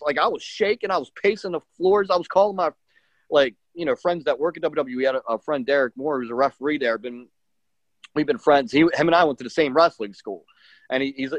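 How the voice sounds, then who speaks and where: A man's voice: a little high, no echo. A middle-aged man, a professional wrestler, telling a story in a casual interview, acting out what people said with lots of fillers. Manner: animated, acts out quotes, many fillers. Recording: dull lo-fi dry sound.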